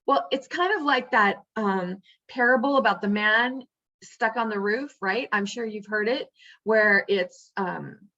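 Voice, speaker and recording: A woman's voice: mid-range voice, measured pace, bright, forceful tone, highs cut off. A woman giving an earnest, emphatic motivational teaching, repeating phrases for stress. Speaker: spiritual teacher.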